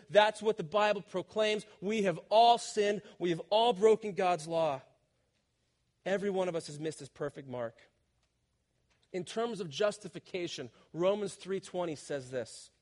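A man preaching a sermon as a youth pastor, telling a personal story in an animated, self-deprecating way before pressing his point with rising emphasis. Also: sits high, normal speed.

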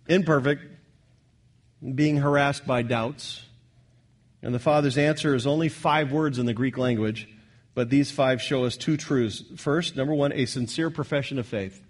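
Male pastor, slightly high voice, earnest sermon delivery with repeated points and shifting volume. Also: a little slow. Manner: earnest preaching, repeats key lines, swings from loud to soft.

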